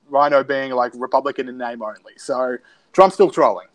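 A man's voice: mid-range voice, moderate pace. A man co-hosting a podcast from home, wryly reading out tweets and poking fun in casual banter. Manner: wry, sardonic, reading out tweets. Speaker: podcast co-host. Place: home, self-isolating.

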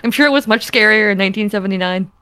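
A woman's voice: mid-range voice, very fast, bright, forceful tone, clear, resonant tone, no echo. A young woman, a podcast guest, chatting casually with lots of fillers and giggles. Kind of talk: casual chat.

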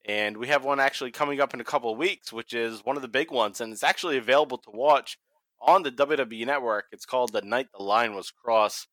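A man's voice: mid-range voice, fast, fairly bright tone, dry recording. A man from Massachusetts with a Boston accent, hosting a casual wrestling podcast, swearing freely and laughing often. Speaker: podcast host.

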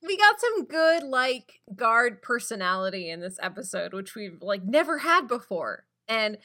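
A woman's voice: fairly high pitch, big pitch swings, a little slow, pushed and bright. A woman co-hosting a casual chat, giving wry, laughing commentary. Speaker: podcast co-host.

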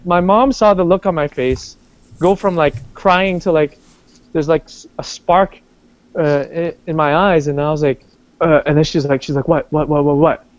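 A man telling personal stories in casual conversation, animated, with many restarts and acted-out quotes. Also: fairly high pitch, normal speed, dry recording. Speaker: guest. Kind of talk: casual storytelling. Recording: dull lo-fi sound.

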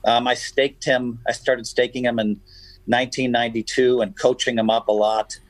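A man guesting on a radio show, telling stories in an animated, emphatic way. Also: mid-range voice, normal speed, no room sound, low-quality recording. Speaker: guest poker player. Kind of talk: casual radio chat, storytelling.

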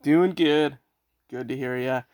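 A man's voice: medium pitch, slow pace, a little mellow. A man from Canada, hosting a podcast in a casual, friendly chat, teasing and playing along with jokes. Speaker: podcast host.

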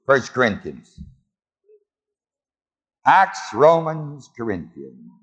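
Animated preacher in a reverberant hall. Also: male voice, medium pitch, extremely slow, breathy edge. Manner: call-and-response questions to the congregation. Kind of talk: sermon.

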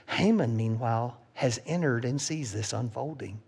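A man preaching a sermon, retelling a story with animated voices for its characters. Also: mid-range voice, moderate pace, vocal fry, few pauses, breathy edge. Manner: animated, acts out the characters' lines. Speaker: pastor.

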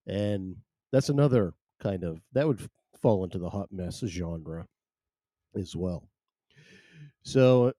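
Man, podcast host, rambling chatty monologue, lowish mellow voice, dry close sound. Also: no echo. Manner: rambling, self-deprecating, chatty. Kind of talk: casual live podcast monologue. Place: home. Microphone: headphones and desk mic.

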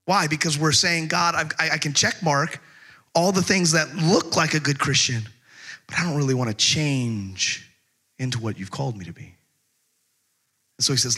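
Middle-aged guy preaching, kinda high bright voice, jokey storytelling then slows way down for bible verses. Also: lively intonation, husky. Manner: conversational storytelling with humor; slows down to stress scripture. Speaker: pastor. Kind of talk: sermon.

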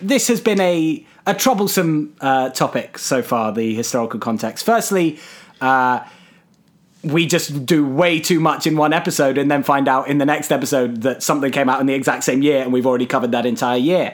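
A man's voice: medium pitch, moderate pace. A man co-hosting a podcast who teases his partner dryly and laughs often between points. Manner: dry teasing, laughs easily. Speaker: podcast co-host. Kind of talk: casual podcast chat.

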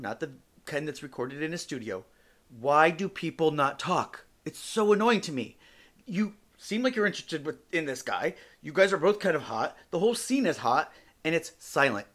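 Speaking English as a second language, a male solo podcaster keeps things blunt and jokingly profane. His pitch runs high and his tone is fairly bright.

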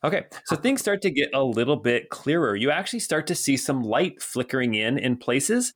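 A man's voice: medium pitch, big pitch swings, moderate pace, a bit bright. A middle-aged man narrating a tabletop game as game master, casual and rambling with many fillers.

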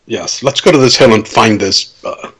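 A man playing a tabletop game, speaking in character in a gruff, matter-of-fact way. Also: fairly low pitch, moderate pace, a bit bright. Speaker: player.

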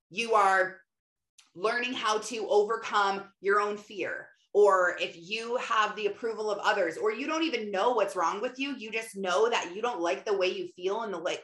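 A woman, a mother, giving an animated, casual faith talk and often acting out quotes. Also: mid-range voice. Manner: animated, often acts out quotes, many fillers. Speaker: mother and Christian speaker. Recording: roomy echo.

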